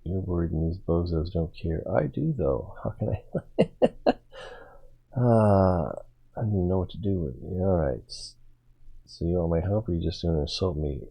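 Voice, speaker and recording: A man giving relaxed, wry commentary while playing a video game and reading the dialogue choices aloud. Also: low voice, normal speed, creaky, long pauses, breathy edge. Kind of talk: casual gameplay commentary.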